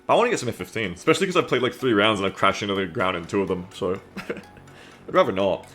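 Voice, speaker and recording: A man in his thirties from Australia rambles casually on a gaming stream, reading chat aloud and swearing now and then. His accent is a blended Anglosphere one with a light Australian touch. His voice is fairly low, animated, quick, and fairly bright, with soft music in the background.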